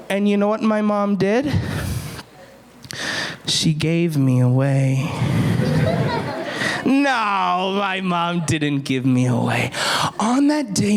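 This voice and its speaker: A man telling a story to children, dramatic, swinging between loud bursts and hushed whispers. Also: high voice, very animated, slow, pauses often. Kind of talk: animated storytelling for kids.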